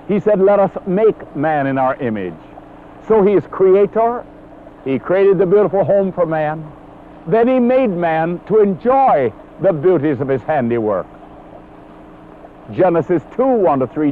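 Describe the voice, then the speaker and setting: A man preaching a sermon, earnest and emphatic, citing scripture verses as he goes. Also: high voice. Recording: tinny phone-like old recording with faint hiss.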